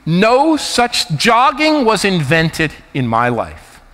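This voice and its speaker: A man's voice: sits high, wildly swooping pitch, takes it slowly, fairly bright tone. A man in his fifties from the United States with a New Jersey accent, giving an emphatic, anecdotal keynote talk at a conference. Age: 50s. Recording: reverberant hall.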